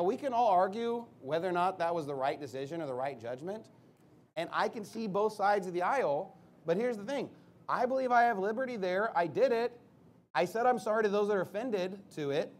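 A pastor preaches defensively and emphatically in a voice that sits high, firing off rhetorical questions and rising to loud outbursts. There's a little hiss or hum in the audio.

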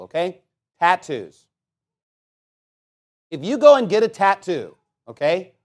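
Guy preaching with a high voice, blunt, keeps going loud then dropping low, lots of "okay?". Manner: emphatic, blunt, swings between loud bursts and quiet asides; peppers points with "okay?" and "you know what?". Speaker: pastor. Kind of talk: sermon.

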